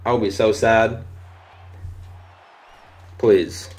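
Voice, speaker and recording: A young man giving loose, profane live commentary over a football video game, shouting at big plays. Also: lowish voice, very slow, faint music behind. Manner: excitable, swears often, shouts at big plays. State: voice briefly giving out. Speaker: gaming commentator.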